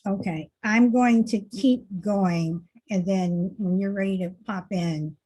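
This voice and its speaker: A woman's voice: mid-range voice, slow, mellow. A woman hosting an online discussion over a video call, patiently checking whether her caller can be heard.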